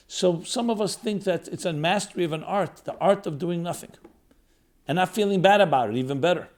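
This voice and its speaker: A male rabbi delivers a reflective spiritual lecture, his voice sitting a bit higher than most men's. He stacks short phrases one after another. His emphasis swells and then settles back down. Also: a little fast, a little mellow. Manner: reflective, builds lists of short phrases, rises and falls in emphasis. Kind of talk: spiritual talk.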